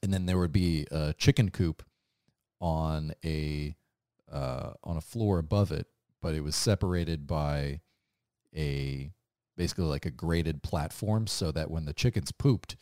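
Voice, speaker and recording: A man's voice: extremely low pitch, measured pace, mellow, no room sound, clean studio sound. A young man co-hosting a comedy podcast, telling a news story in casual chat with laughs and swearing. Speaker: podcast co-host.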